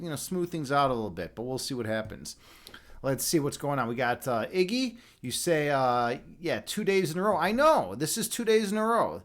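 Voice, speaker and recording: A man's voice: a little high, fairly bright tone. Rambling, jokey man streaming from home. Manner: rambling and jokey, with frequent restarts. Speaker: livestream host, chess instructor and meditation guide. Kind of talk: casual live-stream chat.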